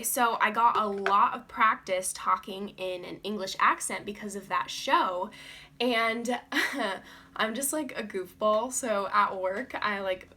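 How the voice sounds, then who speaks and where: A woman's voice: mid-range voice, bright, forceful tone, slight background noise. A young woman chatting in a casual beauty vlog, rambling with lots of fillers and frequent giggles. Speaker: beauty vlogger.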